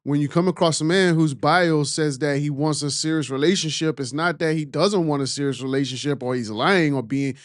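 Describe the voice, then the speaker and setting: A man gives matter-of-fact dating advice, explaining calmly. His voice is a little high. The sound is close and dry. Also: brisk, hardly any pauses, no echo.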